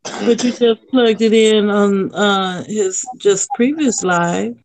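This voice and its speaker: A guest from Los Angeles, chatting politely and even-handedly on a livestream. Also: medium pitch, takes it slowly. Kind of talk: casual chat.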